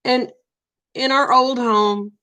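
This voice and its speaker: A middle-aged woman, telling a folksy story in a casual, animated way and acting out the quoted dialogue. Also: sits high, slow pace. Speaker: vlogger telling stories.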